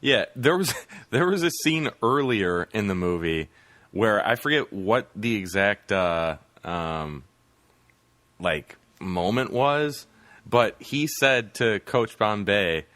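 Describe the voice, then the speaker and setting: A man's voice: lowish voice, lively intonation, slow pace, a bit bright, dry recording. A man co-hosting a podcast, retelling movie scenes from his notes and quoting lines. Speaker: podcast co-host. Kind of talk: casual movie review chat.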